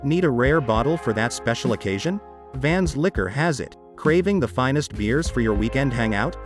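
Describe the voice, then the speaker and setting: A male announcer delivers a scripted commercial read with a bouncy, sing-song lilt. His pitch swoops up and down as he sells, and a clear music bed plays under him. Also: expressive, moderate pace. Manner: upbeat salesy pitch.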